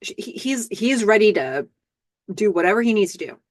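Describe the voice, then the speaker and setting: A woman hosting a podcast, casually recapping a TV episode scene by scene with lots of fillers and excited asides. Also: medium pitch, normal speed, dry recording, clean studio sound. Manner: chatty, lots of fillers and "I don't know", excited outbursts.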